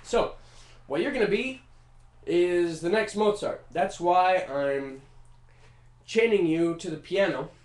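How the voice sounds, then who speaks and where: A man's voice: high voice, slow. A man putting on the voice of a lazy, drunken, tyrannical father giving bossy orders. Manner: bossy, dismissive. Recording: roomy echo.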